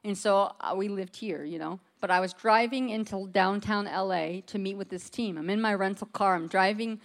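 A woman's voice: medium pitch, moderate pace. An American woman preaching to a congregation, telling a personal testimony in a casual, chatty storytelling way. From United States. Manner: conversational storytelling with frequent "like".

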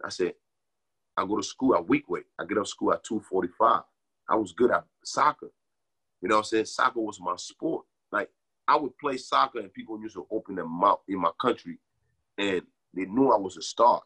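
A young man from Liberia telling his life story in a casual interview, animated and often asking "you know what I'm saying". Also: lowish voice, moderate pace, slightly rough.

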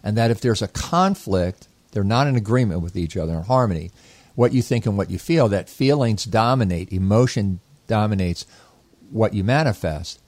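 Low-voiced man explaining, very dry sound. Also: lively intonation, normal speed, a little mellow, no room sound. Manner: reflective, explanatory, meandering restarts. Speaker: co-host, inner child therapist. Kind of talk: casual conversational teaching.

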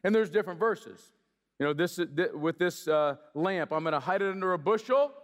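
A male pastor preaching a sermon in a church, lively and joking in a conversational way. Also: high-pitched, normal speed. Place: large church hall. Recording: long hall reverb.

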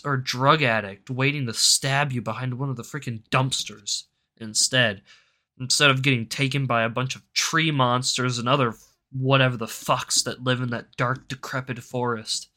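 A man's voice: medium pitch, sharp tone. A young man of about eighteen hosting a solo commentary show, ranting with heavy swearing and rambling off on tangents. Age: young adult, about 18. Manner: profane, rambling, goes off on tangents. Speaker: show host.

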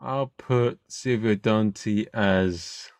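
Man, comedian guest, casual chat, hesitant, slow, dry close recording. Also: on the low side, no echo. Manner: hesitant, many fillers and restarts while thinking.

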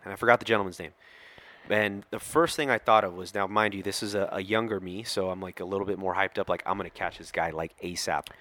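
A man's voice: sits low, fast. A middle-aged man, a police officer, telling a story on a podcast and acting out the quoted lines. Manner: animated storyteller who acts out quoted lines.

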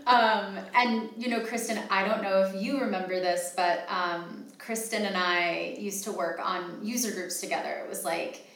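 A woman's voice: mid-range voice, moderate pace, few pauses, a bit bright. A woman in her twenties hosting a casual panel, telling chatty stories full of fillers. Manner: chatty storyteller, many fillers. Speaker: host. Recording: echoey, distant from the mic.

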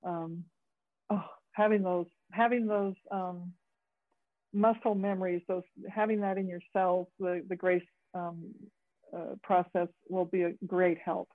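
A woman leads a group session over a video call, explaining ideas in a halting way with many fillers and restarts. The audio is tinny and phone-like, with no room sound at all. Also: on the low side, steady tone, no echo. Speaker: group facilitator and therapist.

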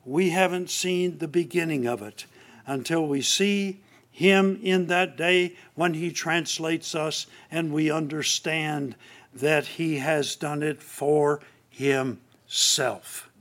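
A man teaching a Bible class, reading scripture aloud slowly and swinging between emphatic lines and hushed ones. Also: on the high side.

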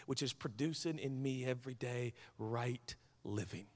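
A man preaching a sermon as pastor, animated, swinging from quiet asides to shouted peaks. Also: medium pitch, normal speed, hardly any pauses. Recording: hall reverb.

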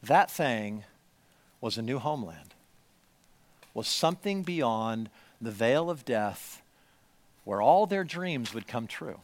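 A man preaching a sermon to a congregation, swinging from hushed storytelling to loud, emphatic lines. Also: medium pitch, lively intonation, slow, pauses often. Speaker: pastor. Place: church, before a congregation.

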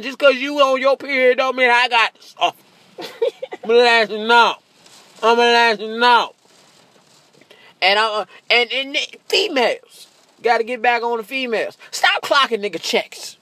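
A man doing a profane stand-up comedy monologue, brash, laughing often and slipping into shrill mocking voices. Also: measured pace, pushed and bright, dry recording.

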